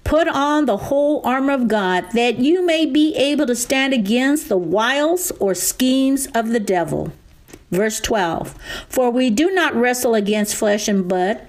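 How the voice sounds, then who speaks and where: A woman leads a weekly Bible teaching, and her voice sits a little high. She takes her time over each verse and lets the words land one by one. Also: a little mellow. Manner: slow, deliberate scripture reading. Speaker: preacher. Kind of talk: radio Bible teaching sermon.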